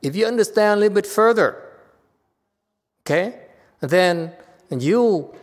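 A man giving a dharma talk as a Chan master, stern yet teasing, laughing at his own jokes. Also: fairly high pitch. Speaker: Chan master teaching students. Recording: long reverb of a hall.

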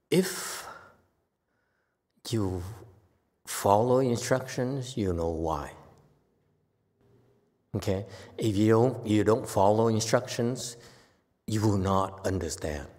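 Man, Buddhist master, soothing and chatty with fillers, lowish voice in a reverberant space. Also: a little mellow. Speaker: Buddhist master teaching online. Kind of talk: Dharma talk with Q&A.

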